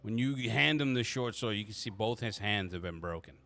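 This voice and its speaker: A man acting as game master in a casual tabletop session, teasing his players and rambling through restarts. His voice sits fairly low, with a bright, forceful edge. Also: lively intonation, fairly quick, vocal fry.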